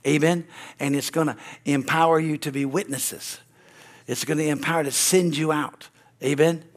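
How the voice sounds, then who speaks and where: A middle-aged American man preaches with fervor, dotting his sermon with amens and hallelujahs. His voice sits a little higher than most men's. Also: fairly even intonation, normal speed. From United States. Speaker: pastor. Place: church sanctuary.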